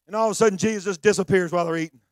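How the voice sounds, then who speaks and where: A man preaching a sermon, shouting fervently at times and dropping to hushed storytelling. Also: high voice, steady tone, very fast, no room sound.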